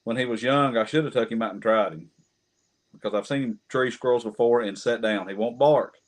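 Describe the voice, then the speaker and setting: A man's voice: mid-range voice, a little fast. A man who is a regular on a casual livestream chat, chiming in with questions and opinions. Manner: chatty, chimes in with questions and opinions.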